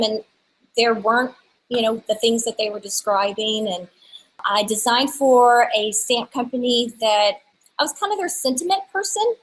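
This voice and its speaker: A woman in her thirties with a somewhat high voice, talking about her work in a relaxed interview. She tells it as a chatty, lively story, often restarting her sentences as she goes. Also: moderate pace, rough recording. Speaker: guest, stamp designer. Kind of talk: casual interview chat.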